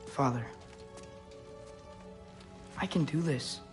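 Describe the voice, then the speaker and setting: A man voicing a determined, earnest young hero in a fan voice dub, measured and sincere. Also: mid-range voice, music in the background.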